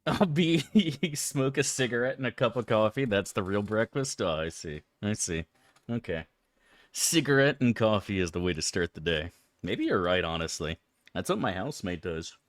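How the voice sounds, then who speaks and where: A man's voice: lowish voice, lively intonation, moderate pace, dry recording, clean studio sound. A man streaming a game live, chatting casually with viewers, swearing freely and complaining in an exaggerated, chummy way. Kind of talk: casual live-stream chat while gaming.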